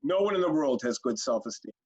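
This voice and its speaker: Muffled, lo-fi webinar sound carries this parenting trainer's quick, expressive delivery; his voice leans high with a slightly mellow quality. He addresses viewers directly and bluntly, occasionally playing out little parent-child scenes.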